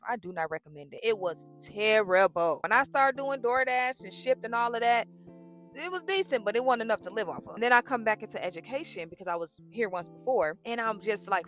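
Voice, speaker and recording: Woman vlogging about god and work, aave, super animated, acts out both sides, soft music behind. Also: medium pitch. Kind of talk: casual faith talk to camera.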